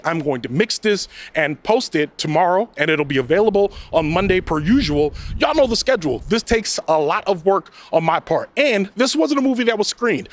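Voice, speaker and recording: A man hosting his own podcast, giving a casual, chatty movie review with loud bursts and exasperated asides. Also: high-pitched. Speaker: podcast host, film reviewer.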